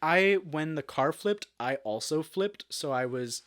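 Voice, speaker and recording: A young adult man, a guest actor, telling a story in a casual interview, animated, with many fillers and restarts. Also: fairly high pitch, measured pace.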